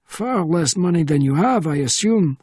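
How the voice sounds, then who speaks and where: Man voicing wry elderly Frenchman, higher and slower, husky, dry close audiobook read. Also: expressive, a little mellow, no echo. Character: older Frenchman, fussy, dry wit.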